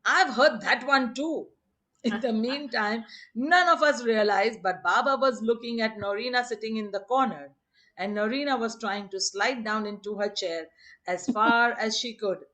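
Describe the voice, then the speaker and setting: A woman's voice: on the high side, normal speed, a bit bright. A woman reading anecdotes aloud on a video call, laughing often and acting out the quotes. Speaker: storyteller on a group video call.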